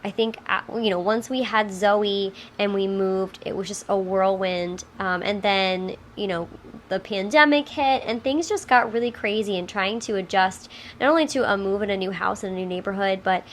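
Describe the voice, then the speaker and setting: A woman's voice: medium pitch, steady tone, moderate pace, a little hiss or hum. A woman in her thirties, sounding a little nasal from a cold, chatting upbeat with small fillers while she cleans her kitchen. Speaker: home vlogger. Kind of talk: casual talk over cleaning footage.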